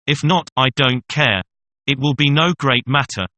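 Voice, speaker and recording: A man's voice: mid-range voice, moderate pace, sharp tone, no echo, natural voice. A man reading the lines of a sly, clever male peasant in a storybook.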